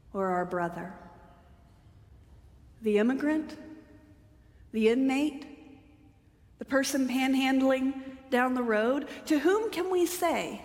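A woman preaching a sermon in a church, speaking deliberately and asking a run of rhetorical questions. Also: mid-range voice. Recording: long hall reverb.

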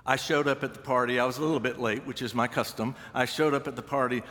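A man's voice: medium pitch, fairly even intonation, fast talker, fairly bright tone. A man preaching a sermon, telling stories with dry humor and acting out the voices he quotes. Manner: wry storytelling, acts out quoted voices. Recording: long reverb of a large hall.

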